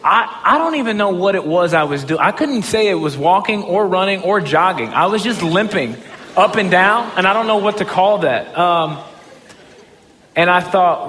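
Man, high bright voice, motivational storyteller, jumps from murmurs to shouts, stammers when excited, long hall reverb. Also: normal speed, a little hiss or hum. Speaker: motivational speaker. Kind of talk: storytelling talk on stage.

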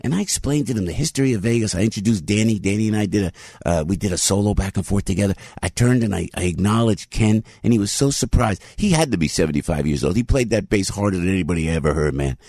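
A middle-aged man hosting a radio show, telling a story with excited emphasis. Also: lowish voice, fast talker, no room sound. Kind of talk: animated storytelling monologue.

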